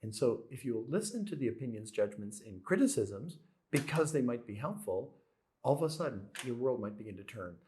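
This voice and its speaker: Man, motivational speaker, animated intonation, earnest, rhetorical questions, mid-pitched voice. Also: brisk, a little hiss or hum. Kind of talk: spiritual self-help talk.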